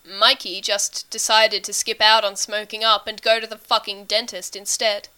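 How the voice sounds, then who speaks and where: A low-voiced young man drawls and murmurs, teasing and fond, as a woman reads him in an audiobook. The voice is bright and clear, and the murmur stays quiet. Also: flat delivery, normal speed, close to an everyday voice.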